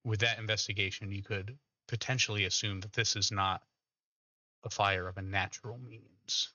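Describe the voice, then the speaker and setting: A man narrating as game master of a tabletop game, pausing often with fillers. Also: fairly low pitch, fairly even intonation, pushed and bright. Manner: hesitant, many filler pauses. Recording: dull lo-fi mic.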